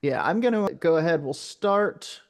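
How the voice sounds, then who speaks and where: A man with a slightly high voice hosts a comedy podcast. He reads a report aloud and keeps breaking off for jokey asides and riffs. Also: animated, unhurried. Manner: jokey, riffing asides while reading. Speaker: podcast host. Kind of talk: comic podcast banter, reading sighting reports aloud.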